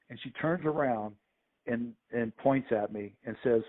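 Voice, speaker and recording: A man, a sports official and podcast guest, telling lively anecdotes and acting out the people in them. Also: medium pitch, normal speed. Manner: animated anecdotes with quoted voices. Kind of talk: storytelling interview. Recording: phone-like narrow audio.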